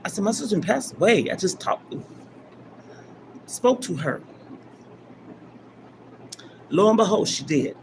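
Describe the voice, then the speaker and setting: An older woman hosting a live stream, telling a personal story in a rambling, emphatic way, from loud bursts down to near-whispers. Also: mid-range voice, animated, measured pace, long pauses, low-quality recording. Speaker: livestream host. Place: gym. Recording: livestream with clear background noise.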